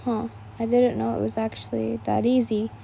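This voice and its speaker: Woman reading as a shy, halting young boy. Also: fairly high pitch, fairly even intonation, dark tone, a little hiss or hum. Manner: hesitant, halting.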